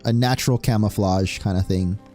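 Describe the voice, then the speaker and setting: Fairly low-pitched and dark, the voice of this young Spanish streamer stays fairly even and moves quickly as he jokes through a let's play and cheers at the screen. Faint music plays behind him.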